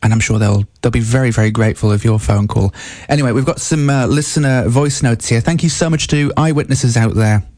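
Deadpan radio host. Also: male voice, medium pitch, brisk, few pauses, dry recording, studio quality. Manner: deadpan, rambling, full of fillers. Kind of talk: comic mock radio broadcast.

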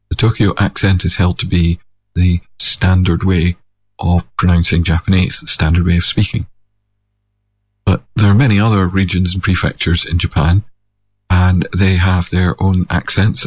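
Man, very low voice, gravelly and husky, unhurried reflective monologue. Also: darkish tone. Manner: measured, musing, digressive.

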